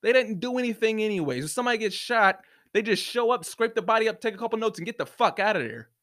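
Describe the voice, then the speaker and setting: Fast, animated and high-voiced with a fairly bright tone, a man hosts a podcast alone, launching into a heated, sarcastic, swear-filled rant that frequently mocks the views of others.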